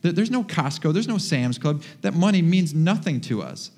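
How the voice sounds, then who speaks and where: A frantic shipwrecked man, as a preacher puts him on, urgent and insistent, his fairly high voice ringing through a large hall with a long reverb. He keeps pressing the point. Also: sing-song, moderate pace, a little mellow. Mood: panicky.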